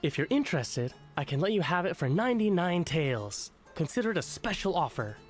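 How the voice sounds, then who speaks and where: An actor voicing a young bookstore clerk in a game who gives a smooth sales pitch. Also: male voice, big pitch swings, fairly quick, soft background music. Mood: salesy. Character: young male bookstore clerk, sly haggler. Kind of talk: game voice acting.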